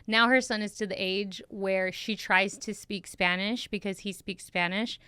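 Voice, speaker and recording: A woman comedian, a guest on a podcast, telling animated stories about her toddler in casual chat. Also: medium pitch, normal speed, clear, resonant tone, no room sound.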